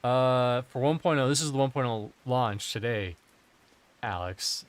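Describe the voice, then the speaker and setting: A man's voice: medium pitch, a little slow. Man joking through casual game commentary. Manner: joking, profane, rambling. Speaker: game streamer.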